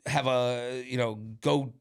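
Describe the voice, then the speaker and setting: A man co-hosting a podcast, telling an animated, rambling story in casual chat with lots of fillers and restarts. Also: mid-range voice, slow, clean tone. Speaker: podcast co-host.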